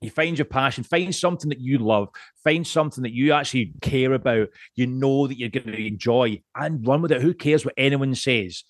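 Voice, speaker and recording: A man's voice: mid-range voice, a little fast, no room sound, clean studio sound. Rambling Scottish-born man in his late 30s. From Scotland. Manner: rambling, swears freely, many restarts. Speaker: podcast guest. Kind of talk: casual podcast chat.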